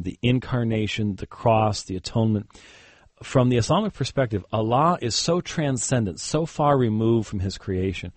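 In a dry recording, a man with a lowish voice speaks as an interview guest in a conversational format. He is a Christian debater who tells a story in a relaxed way, filling it with fillers and chuckled side remarks.

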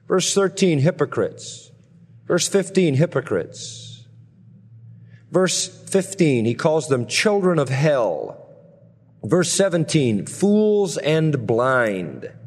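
A man preaching an expository sermon, earnest and emphatic, dropping low and slow on solemn words. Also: big-room sound. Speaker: pastor.

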